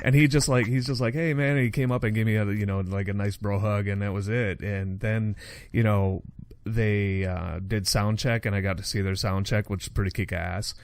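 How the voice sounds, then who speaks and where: A man's voice: fairly low pitch, steady tone, normal speed, a little mellow, no echo. A man hosting a podcast in casual chat, laid-back, swearing freely and calling people "dude". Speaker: podcast host.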